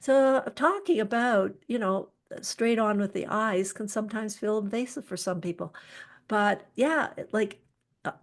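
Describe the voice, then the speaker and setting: Gentle woman leading an online workshop. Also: mid-range voice, a little slow. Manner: gentle, soothing, with occasional soft whispers. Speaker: workshop presenter. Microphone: video call.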